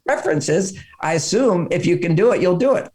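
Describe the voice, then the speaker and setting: Older man, animated storytelling author. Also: high voice, fairly quick. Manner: animated storyteller, acts out quoted voices. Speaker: author guest. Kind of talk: interview conversation.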